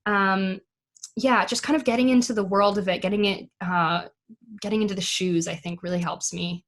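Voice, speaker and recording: A woman's voice: medium pitch, fairly even intonation, moderate pace, a bit bright. A woman speaking as an actress guest in a casual interview, chatty, with many fillers and easy laughs. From United States.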